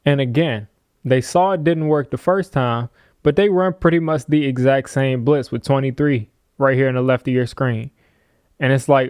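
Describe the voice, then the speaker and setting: Guy breaking down football tape, goofy trash talk, mid pitch, dry close sound. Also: moderate pace, clean tone, no echo. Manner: animated, playful trash-talk asides with chuckles. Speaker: football film analyst. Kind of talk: casual film breakdown commentary.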